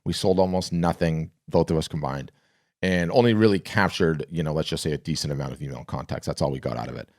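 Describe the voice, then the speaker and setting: Deep-voiced rambling podcast host. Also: male voice, dry recording, clean studio sound. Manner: rambling, with frequent restarts; animated storyteller. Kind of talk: casual solo podcast talk.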